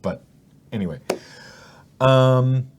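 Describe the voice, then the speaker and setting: A man in a casual brainstorming chat, rambling and acting out quick silly lines for sketch ideas. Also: mid-range voice, animated, darkish tone, highs cut off, a little hiss or hum. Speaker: comedy writer brainstorming sketches.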